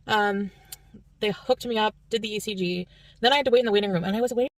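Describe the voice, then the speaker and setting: Fast-talking woman vlogger, rambling. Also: medium pitch, no echo, distant mic. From Canada. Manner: rambling, chatty recounting. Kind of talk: storytelling vlog.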